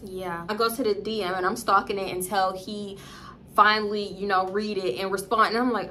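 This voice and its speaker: A woman with a Southern US accent telling a casual storytime, slangy and profane, jumping in pitch as she acts out what others said. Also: normal speed, a little hiss or hum. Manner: animated, acts out quoted dialogue with big pitch jumps; slangy, profane, addresses viewers as y'all. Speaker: storytime vlogger.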